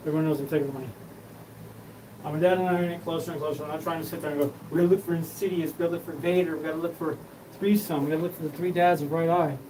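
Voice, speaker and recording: A man's voice: on the high side, fairly even intonation, rapid-fire, mellow. Rambling, profane man, heard from afar. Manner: rambling, profane, jumps between topics. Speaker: show host. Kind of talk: rambling monologue. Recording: distant mic with noticeable room hum.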